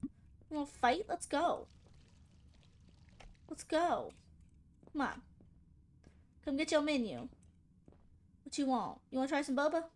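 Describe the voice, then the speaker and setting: A young woman with a high voice chats casually through a game, teasing and sassing the characters on screen. Her commentary is playful, quick to joke and quick to complain. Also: huge pitch swings, a little mellow. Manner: playful, sassy, talks back to game characters. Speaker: gaming channel host.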